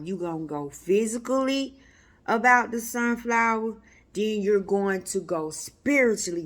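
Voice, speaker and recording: A woman giving an unscripted spiritual teaching, speaking to her listeners in a repetitive, preacherly way and sometimes dropping to a hushed near-whisper. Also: medium pitch.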